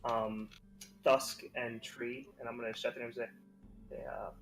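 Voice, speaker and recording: A man speaking as a player in a tabletop game, calm and deliberate. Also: medium pitch, faint music behind. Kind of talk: casual tabletop play.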